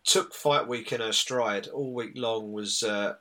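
A man's voice: on the low side, a little slow, pushed and bright. A man with a British accent co-hosting a sports podcast, recapping fight results in a chatty, rambling way with many fillers. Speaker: podcast co-host. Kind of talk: casual chat, recapping results.

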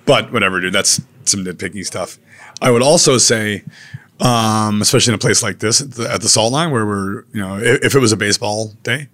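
Man, chef, low-pitched, laid-back, blunt, casual slangy talk. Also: fairly quick, fairly bright tone. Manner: laid-back, blunt, peppered with "man" and "dude", occasional swearing. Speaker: chef and restaurateur.

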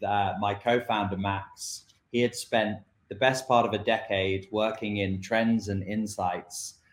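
A friendly man with a London accent tells a fluent story as an interview guest. His voice is fairly low and sounds roomy and echoey, as if recorded in a large space. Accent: British, London. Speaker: guest, company co-founder. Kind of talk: interview conversation.

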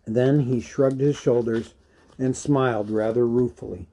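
A man's voice: mid-range voice, steady tone, unhurried, mellow, breathy edge. Man reading a novel aloud. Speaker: audiobook reader.

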